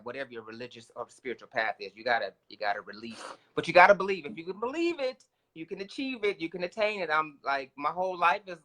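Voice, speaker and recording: A man with a fairly high, bright, forward voice co-hosts a casual talk show. He talks reflectively and conversationally. His topics lean spiritual. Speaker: co-host.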